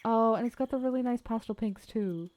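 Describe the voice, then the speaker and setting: A woman's voice: fairly high pitch, fairly quick, darkish tone, no echo. A woman streaming a video game, chatting casually, swearing and laughing easily. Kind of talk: casual gameplay commentary. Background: faint game music.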